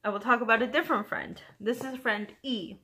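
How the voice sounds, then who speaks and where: A woman's voice: fairly quick, slightly rough. A young woman hosting a knitting vlog, chatting casually at home and telling an anecdote with frequent giggles and playful voices for her friends. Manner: animated, giggly, quotes friends in higher voices. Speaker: knitting podcast host.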